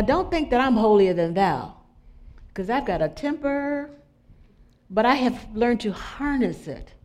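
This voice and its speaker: A middle-aged woman preaching an inspirational sermon, talking conversationally, putting questions to her listeners and dropping into soft, prayerful asides. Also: on the high side. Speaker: spiritual speaker.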